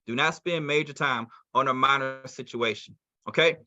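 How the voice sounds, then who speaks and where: A man's voice: mid-range voice, moderate pace, muffled recording. A man running a live sales training call, acting out both sides of phone invitations. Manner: coaching, acts out both sides of calls.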